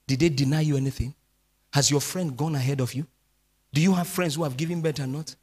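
A man preaching a midweek sermon as pastor, swinging between speech and sung, drawn-out phrases. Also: on the high side, steady tone, a little mellow. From Nigeria.

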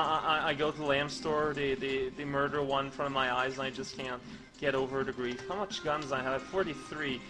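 A young man giving rambling, goofy game commentary in a deadpan way, with many stammered restarts. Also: a little high, rough recording. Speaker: let's play commentator.

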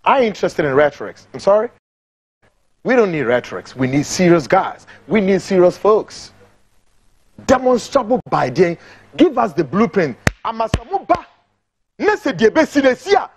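A man's voice: sits high, very animated, moderate pace, a little hiss or hum. A man with a Ghanaian accent giving impassioned political commentary, emphatic and repetitive, mixing English and Twi.

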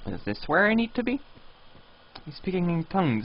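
A man's voice: on the high side, big pitch swings, unhurried, long pauses, slight background noise. A man streaming a video game live, rambling and reading signs and chat messages aloud. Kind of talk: live gameplay commentary. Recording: dull lo-fi stream audio.

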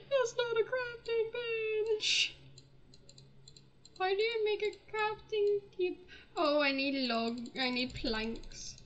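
A woman's voice: very high voice, dull audio. A young woman giving casual gameplay commentary, flustered, laughing and easily panicked. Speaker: gaming channel host.

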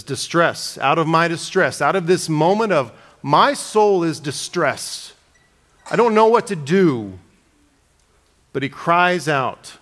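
A man preaching an expository sermon, reading scripture aloud with slowed dramatic emphasis. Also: medium pitch, a bit bright.

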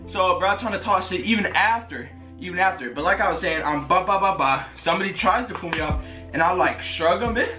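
A young man telling a fight story in an excited storytime vlog, full of slang and swearing, often jumping into high laughing squeals. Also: brisk. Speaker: vlogger. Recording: music playing clearly behind. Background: music.

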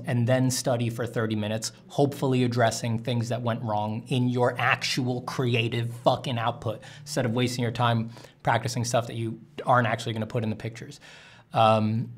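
A man's voice: mid-range voice, steady tone, normal speed. A man, an artist streaming while drawing, answering chat questions in a candid, rambling way with casual swearing.

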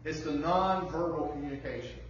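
A man preaching a sermon from some distance away, his voice bouncing around a very echoey hall. He sits a little high for a man and speaks in a conversational way, acting out bits of dialogue. The recording sounds dull and lo-fi, with a faint hum underneath. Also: a little fast. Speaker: pastor.

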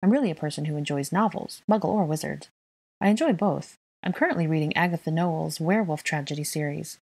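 A woman's voice: low-pitched, fairly quick, creaky, darkish tone, husky, heavily acted. A woman voicing an earnest, timid young woman who tends to ramble, in a fan fiction reading.

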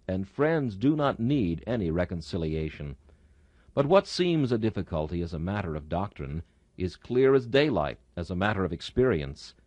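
A man reading an old sermon aloud in a solemn, dramatic manner, slowing down for emphatic phrases. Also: mid-range voice, dry recording.

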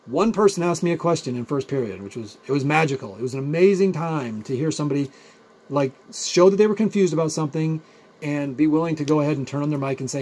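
A man explains physics in a recorded video lecture, talking in a loose, rambling way full of everyday examples. His voice sits a little high, with a husky, mellow tone. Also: fast. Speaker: physics teacher.

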